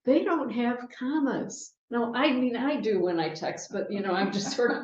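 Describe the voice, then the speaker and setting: A woman minister giving a sermon in a chatty, lively way, laughing often and checking in with her listeners. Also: fairly high pitch, unhurried, hardly any pauses, slight background noise. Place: church sanctuary. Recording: dull, roomy sanctuary sound.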